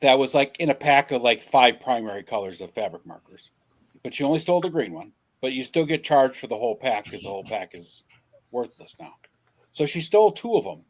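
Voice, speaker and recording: Man, mid pitch, blunt, casual swearing, incredulous asides, live-stream co-host. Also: very animated, fairly quick. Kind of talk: casual storytelling chat. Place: home setup on a live stream. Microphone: streaming mic.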